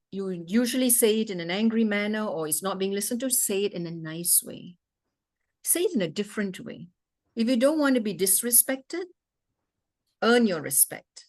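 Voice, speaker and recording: A woman doctor giving an interactive talk with questions and answers over a video call, emphatic and fond of repeating rhetorical questions. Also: medium pitch.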